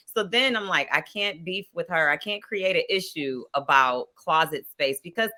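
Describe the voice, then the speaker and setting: A woman's voice: fairly low pitch, moderate pace, hardly any pauses. A woman guest on a casual podcast, telling stories and acting out past conversations. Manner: lively storytelling that acts out past conversations. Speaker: podcast guest, reality show contestant. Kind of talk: casual chat.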